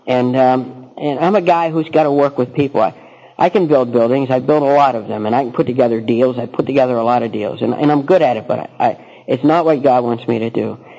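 A man's voice: medium pitch, fairly quick, vocal fry, mellow, poor audio. A middle-aged man telling a personal recovery story, rambling with many false starts. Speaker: speaker sharing recovery story.

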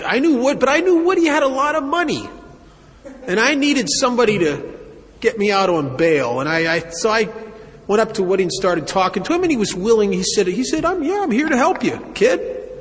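Wry man telling a story in a hall. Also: sits high. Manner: wry, self-mocking, halting restarts. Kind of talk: first-person recovery story told to an audience. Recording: long hall reverb, faint ambience.

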